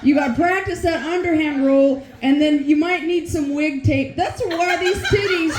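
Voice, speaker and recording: A woman in her forties performing a bawdy stand-up comedy set, brash, with loud bursts of shouting and laughing. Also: high voice, normal speed, a little hiss or hum. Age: 40s. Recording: roomy echo.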